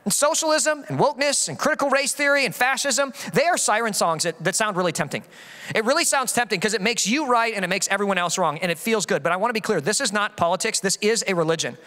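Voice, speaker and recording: A male pastor delivers a sermon in a quick, lively rush and often slips into the voices he quotes. His voice sits high and bright. A long hall reverb trails his words. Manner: animated, acts out quoted voices.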